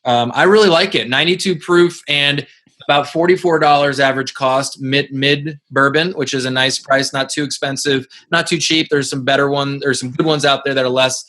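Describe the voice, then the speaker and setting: A man hosting a casual podcast, talking in a halting way with lots of fillers and restarts. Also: mid-range voice, steady tone, sharp tone. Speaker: podcast host.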